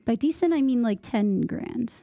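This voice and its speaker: Young woman rambling over gameplay, high mellow. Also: expressive, normal speed, gravelly, dry recording, highs cut off, faint music behind. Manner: rambling, distracted, filler-heavy with "like". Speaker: gaming streamer. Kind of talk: casual gameplay chat.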